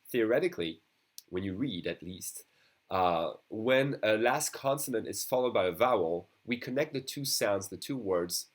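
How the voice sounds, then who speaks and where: A young Frenchman with a French accent and a rather low voice teaches a beginner language lesson, patiently repeating words slowly so learners can practice.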